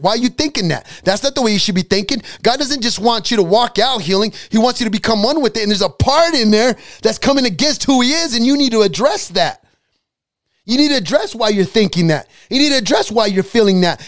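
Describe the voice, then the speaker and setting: A man preaching a sermon on divine healing, repeating lines for emphasis, asking rhetorical questions and slipping into casual, colloquial grammar. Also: very high-pitched. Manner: colloquial, drops into dialect grammar.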